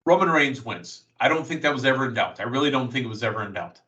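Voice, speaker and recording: A man hosting a casual wrestling podcast, recapping matches in an excited, storytelling play-by-play manner. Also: medium pitch, fast, recorded from a distance, lo-fi sound. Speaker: podcast host.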